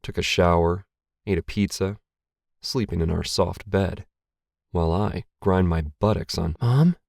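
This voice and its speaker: Male narrator, low gravelly voice, unhurried, wry self-mocking delivery, dry close recording. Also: fairly even intonation, dry recording. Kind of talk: first-person short story reading.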